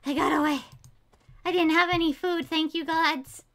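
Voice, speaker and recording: A woman streaming a game live, chatting casually, swearing freely and breaking into panicked shouts. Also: very high-pitched, fairly even intonation, normal speed.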